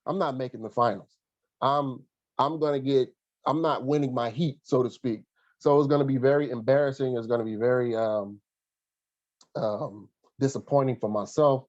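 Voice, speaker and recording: A man recalling his past in an interview, earnest and halting, pausing often with fillers and restarts. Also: mid-range voice, no room sound, lo-fi sound. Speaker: guest, former college athlete and coach. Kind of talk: reflective interview storytelling.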